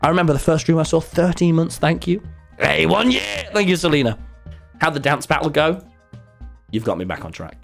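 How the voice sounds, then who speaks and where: A young man streaming and telling a story to his chat in a jokey, excitable way, swearing and jumping into loud high shouts. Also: brisk, vocal fry, faint music behind. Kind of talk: casual storytelling to a live chat.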